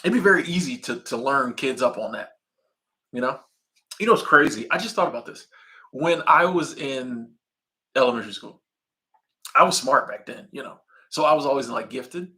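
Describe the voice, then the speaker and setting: A man's voice: mid-range voice, animated, moderate pace, long pauses, sharp tone. A man in his thirties hosting a casual live stream, reading viewer comments and chatting in a laid-back, slangy way.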